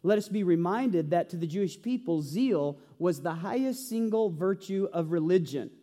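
A man's voice: sits high, lively intonation, normal speed, dark tone. A male pastor preaching a sermon, telling a story with humor and earnest conviction in a church. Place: church sanctuary. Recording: reverberant church hall.

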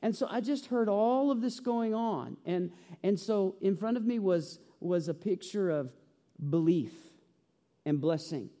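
A male pastor preaches a sermon in a church sanctuary, telling a story with humor and earnest conviction. His high, mellow voice is expressive and a little slow. The hall is reverberant.

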